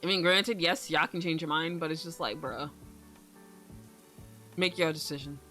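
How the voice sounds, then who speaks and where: A woman's voice: low-pitched, moderate pace, bright, forceful tone, faint music behind. A young woman streaming, chatting casually in a rambling way, swearing freely and laughing often. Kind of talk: casual livestream chat.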